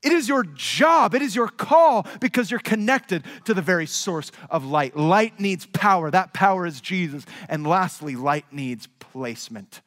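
A man with a notably high-pitched voice delivers a sermon to his congregation, leaning on repeated, emphatic phrases. He drifts between hushed, low-voiced asides and raised, pressing stresses. His words trail off into a long, rolling hall reverb. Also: expressive, a little slow, few pauses. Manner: emphatic, repetitive rhetorical phrasing. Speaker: pastor. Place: large church sanctuary.

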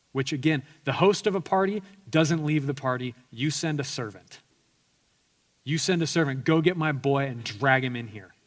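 A male pastor preaching an earnest sermon, telling personal stories with self-deprecating humor and frequent restarts. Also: medium pitch.

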